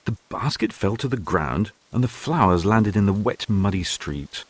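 A man's voice: fairly low pitch, normal speed, noisy background. A man narrating a storybook expressively, acting out each character. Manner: expressive, acts out every character. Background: faint music.

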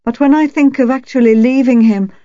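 A woman voicing a nervous, bitter young wife who speaks in a hoarse, soft voice and breaks out shrilly at times. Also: medium pitch, expressive, moderate pace, dry recording, lo-fi sound, lightly acted. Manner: quavering, bursts out shrilly. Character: anxious battered wife, woman, bitter and self-mocking.

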